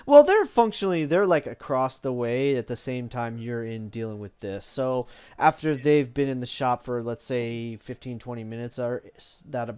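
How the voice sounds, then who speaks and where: A man's voice: medium pitch, moderate pace, a little mellow, clear, resonant tone. Rambling man running a tabletop game. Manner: rambling, many fillers. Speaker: game master.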